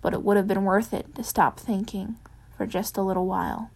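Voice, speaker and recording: A woman's voice: mid-range voice, steady tone, brisk, vocal fry, a little mellow, slightly rough. A woman reading a fan fiction chapter aloud, then chatting in an afterword with lots of ums. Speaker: fanfiction reader. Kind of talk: audiobook narration of fan fiction.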